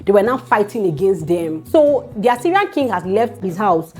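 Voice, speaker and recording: A woman's voice: medium pitch, moderate pace. Chatty Nigerian woman telling a Bible story. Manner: chatty, animated, checks in with the viewer. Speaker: YouTube storyteller. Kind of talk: casual Bible storytelling vlog.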